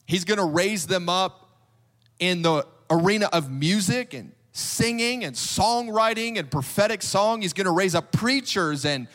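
A man's voice: high-pitched, lively intonation, measured pace, a bit bright. A man preaching a sermon, retelling scripture in a casual, storytelling way that acts out the quoted reactions. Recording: long hall reverb.

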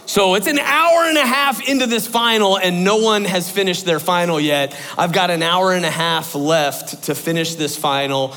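A man telling a personal story to an audience in an animated, excitable way, full of exclamations. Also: high-pitched, moderate pace, hardly any pauses, in a large hall. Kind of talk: personal anecdote told to an audience.

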